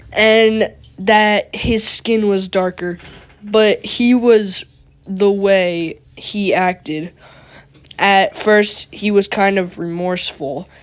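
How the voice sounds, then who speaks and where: Giggly woman reading a creepypasta. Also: medium pitch. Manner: giggly, breaks off to comment on the story. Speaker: creepypasta narrator.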